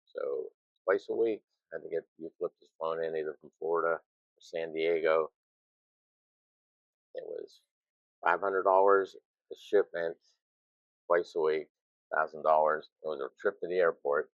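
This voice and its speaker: Older male guest, 60s, very deep voice, rambling self-deprecating storyteller. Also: steady tone, normal speed, pauses often, no room sound, muffled recording. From United States. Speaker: retired zookeeper, guest. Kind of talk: casual storytelling interview.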